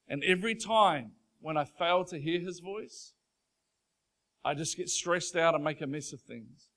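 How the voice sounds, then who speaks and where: Earnest pastor preaching. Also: male voice, a little high, unhurried. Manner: earnest, conversational preaching that grows louder and more emphatic. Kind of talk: sermon. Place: church stage before a congregation.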